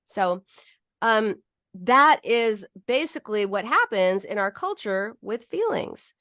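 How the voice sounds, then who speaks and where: A woman's voice: medium pitch, slow pace, no room sound, studio quality. A woman psychologist hosting a talk, explaining feelings in a casual teaching monologue and acting out quoted voices. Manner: animated, acts out quoted voices, frequent restarts. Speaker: psychologist and podcast host.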